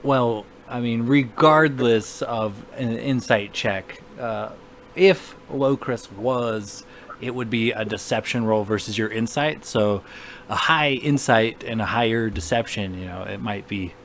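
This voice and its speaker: A man's voice: mid-range voice, measured pace, a bit bright, slight background noise. A man running a tabletop game as game master, explaining rules in an easygoing way.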